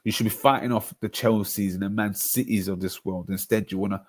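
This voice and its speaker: A young man, bantering on a live football stream and reacting to chat in slangy, excitable bursts. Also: on the low side, a little fast, no echo.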